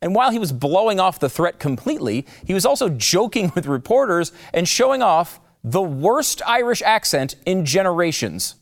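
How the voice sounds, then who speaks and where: A man's voice: high voice, very animated, normal speed, few pauses. A man hosting political commentary in a mocking, sarcastic way.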